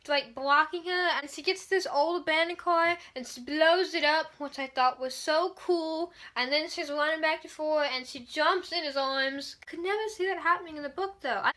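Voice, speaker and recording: A woman's voice: very high voice, bright, forceful tone. A woman reviewing a movie in a casual, sarcastic, exasperated rant, swearing freely.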